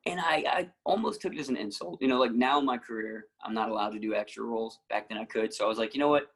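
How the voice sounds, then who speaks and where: Fast, mid-range and a little breathy, this guest's voice comes through a rough recording. He's an actor and musician spinning casual, animated stories, acting out quotes and laughing a lot.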